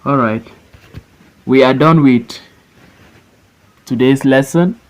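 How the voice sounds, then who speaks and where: A man teaching an English phonics lesson, reading words slowly syllable by syllable for students to repeat. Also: mid-range voice. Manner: slow and deliberate, stretching words out syllable by syllable.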